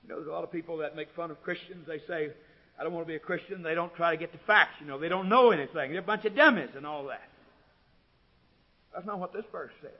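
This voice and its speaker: A man preaches in a high voice, building phrase by phrase to loud, ringing peaks before sinking back to a low, quiet tone. The recording sounds dull and lo-fi, like an old tape of a church service. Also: quick pace. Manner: swells to loud, ringing climaxes, then drops low and quiet. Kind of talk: sermon.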